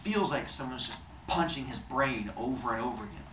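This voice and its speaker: A man's voice: medium pitch, expressive, fairly quick, noisy background. A man telling Greek myths in a playful, chatty comedic style, recorded in an echoey room. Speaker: storyteller. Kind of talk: casual comedic storytelling of myths.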